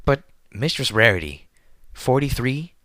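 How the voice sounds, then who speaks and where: A man's voice: mid-range voice, very animated, unhurried, a bit bright, no echo, clean studio sound, voice pushed up. A man voicing a timid young male unicorn magician who stammers anxiously. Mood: nervous.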